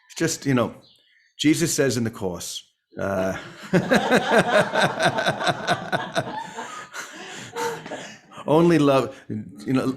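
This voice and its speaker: A man's voice: medium pitch, noisy background, full character voice. A man imitating a hesitant male friend who stammers, repeats himself and trails off.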